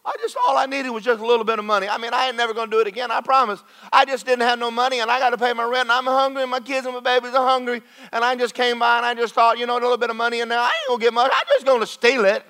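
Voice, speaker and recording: Preacher playing a fast, high, whining thief begging his way out. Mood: pleading. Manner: high, rapid, loud pleading.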